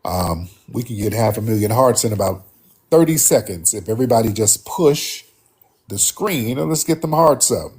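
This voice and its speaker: Husky dude hosting a live call-in stream, loose and drawling, chatting to the room. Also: male voice, fairly low pitch, animated, moderate pace, darkish tone. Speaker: host.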